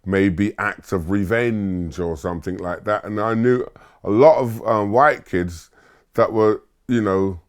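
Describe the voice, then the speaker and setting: A man from Barbados, a musician, recalling his youth in a relaxed, rambling way with lots of fillers and chuckles. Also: on the low side, measured pace. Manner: laid-back storytelling with filler words and chuckles. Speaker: musician interviewee. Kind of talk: relaxed reminiscing monologue.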